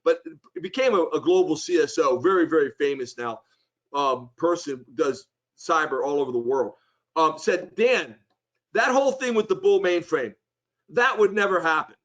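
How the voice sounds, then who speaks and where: A man telling a story in a casual interview, acting out the voices of the people in it. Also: high voice. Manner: animated, acts out quoted voices. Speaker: interview guest.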